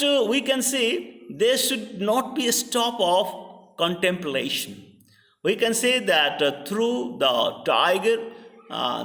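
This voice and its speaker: A man with an Indian English accent giving a literature lecture, pausing often with fillers and restarts. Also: a little high, fairly bright tone. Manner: hesitant, many fillers and restarts. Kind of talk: classroom lecture. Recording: reverberant hall, voice from far off.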